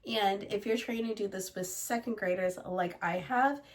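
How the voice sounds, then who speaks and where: A woman music teacher walking other teachers through a lesson plan in an explanatory, steady way, slightly under the weather. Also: mid-range voice, normal speed. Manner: explanatory, steady, breaks into short sung examples.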